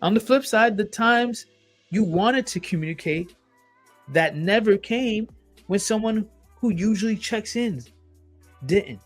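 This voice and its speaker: Solo podcast host, male, blunt and emphatic, cursing freely, slightly raised pitch. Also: measured pace, soft background music. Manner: blunt and emphatic, swears often, repeats phrases.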